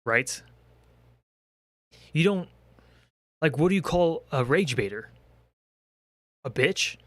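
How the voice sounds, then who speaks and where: A man's voice: a little high, lively intonation, takes it slowly, fairly bright tone, no echo. A young man in a comedic rant, exasperated and profane, firing off rhetorical questions. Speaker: commentary creator.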